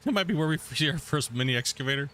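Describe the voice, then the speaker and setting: A man's voice: on the high side, lively intonation, fast, sharp tone. A man streaming a game from his home desk, chatting casually and saying dude a lot while he coos at his cat. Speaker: gaming streamer. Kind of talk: casual live-stream chat. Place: home gaming room. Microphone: desk mic at a gaming setup.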